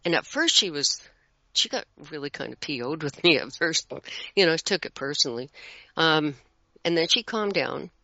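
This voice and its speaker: A middle-aged guest chatting in a bright, forceful voice that carries plenty of spoken examples. The sound is dry and close, with a dull lo-fi quality. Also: mid-range voice, moderate pace, no echo. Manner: animated, explains with spoken examples. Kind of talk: casual conversation. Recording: dull lo-fi audio.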